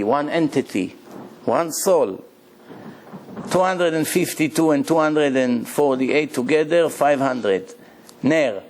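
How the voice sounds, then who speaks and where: Here a rabbi whose voice runs a little high for a man lectures on Torah, telling stories with energy and peppering listeners with rhetorical questions. His grammar reveals English is not his native tongue. Slight hiss or hum is audible.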